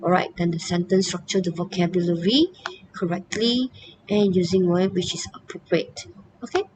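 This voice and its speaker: A woman's voice: fairly low pitch, fairly even intonation, normal speed, noisy background. Woman teaching online. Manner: repeats "okay" and "all right", talks of herself as "teacher". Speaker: English teacher. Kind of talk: online lesson talk.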